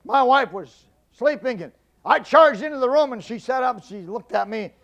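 A middle-aged man giving a humorous storytelling speech, folksy and animated, stammering and repeating himself for effect. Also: very high-pitched, moderate pace, creaky, highs cut off. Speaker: public speaker.

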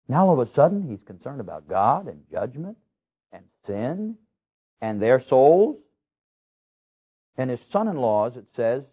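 A male pastor preaching a sermon, emphatic, building his phrases up to loud, rising peaks. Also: medium pitch, slightly rough, phone-quality sound.

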